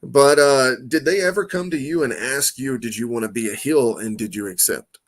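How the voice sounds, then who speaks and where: A man hosting an interview podcast, talking in a casual, animated way that jumps between loud bursts and quiet asides. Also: medium pitch, moderate pace. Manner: excitable, animated, swings loud and soft; peppers talk with "man" and "you know what I mean". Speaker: podcast host.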